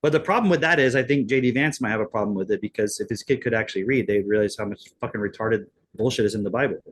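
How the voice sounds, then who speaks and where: A man's voice: lowish voice, quick pace. A man co-hosting a podcast, ranting sarcastically in casual, profane chat. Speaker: podcast co-host.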